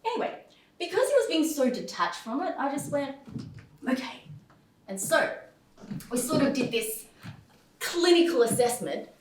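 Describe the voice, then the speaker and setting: A woman's voice: high-pitched, sing-song, normal speed, pauses often, a little mellow, slight background noise. A woman playing a frank, swearing young confessor on stage. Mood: wry. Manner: frank, swearing, self-mocking humour. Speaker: actor in a verbatim stage play. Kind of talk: theatrical confessional monologue. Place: theatre stage. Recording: roomy stage sound from far off.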